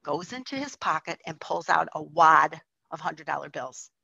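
A woman's voice: sits low, lively intonation, moderate pace, creaky, sharp tone, breathy edge, no echo, highs cut off. A woman telling a personal testimony in a chatty way, full of likes and restarts. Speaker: storyteller.

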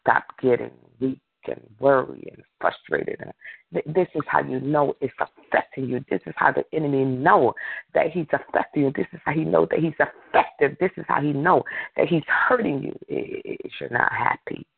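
A male preacher delivers a fervent sermon over a phone prayer line, piling up repeated phrases and calling for an amen. His fairly high voice has a gravelly edge. The sound is thin and tinny with no room around it. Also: normal speed, no room sound. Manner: repetitive call-and-response preaching, fervent.

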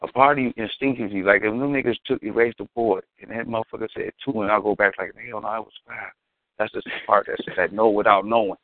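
A man's voice: on the low side, steady tone, fast talker, few pauses, no room sound. A man talking in a casual, slangy, emphatic way and telling stories as a co-host. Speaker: podcast co-host. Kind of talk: casual chat. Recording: dry, phone-like lo-fi sound.

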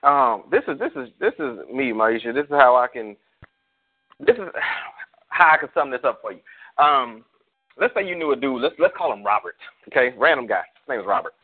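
A man's voice: mid-range voice, lively intonation, normal speed. A man, a pastor, talking casually on a church call show, preaching through slangy stories and hypotheticals. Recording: tinny phone-like call audio.

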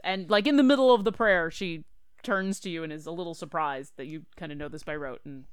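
A woman running a tabletop game as dungeon master, narrating the action and rulings in a brisk, upbeat way. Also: lowish voice, clear, resonant tone, dry recording, clean studio sound.

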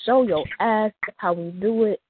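A woman's voice: mid-range voice, moderate pace, background noise. A woman hosting a rap battle, hyping the contestants and counting them in. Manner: hyped, emphatic hype-host calls. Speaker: host. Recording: dry tinny phone line.

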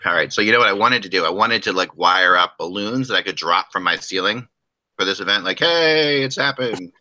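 Male podcast host, middle-aged, low and bright voice, loose joking delivery with restarts. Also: fast, poor audio. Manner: rambling, restarts often, joking. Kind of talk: casual hockey podcast chat.

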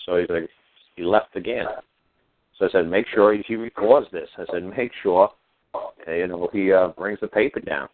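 A man's voice: deep voice, normal speed, long pauses. A man hosting a podcast, telling a rambling, profane story in a casual way and acting out the voices of the people in it. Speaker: podcast host. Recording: tinny phone-like line, dry.

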